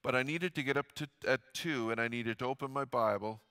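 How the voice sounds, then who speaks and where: A middle-aged man preaching a sermon as a pastor, telling stories earnestly and swinging from loud emphasis to hushed, quiet lines. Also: medium pitch, brisk.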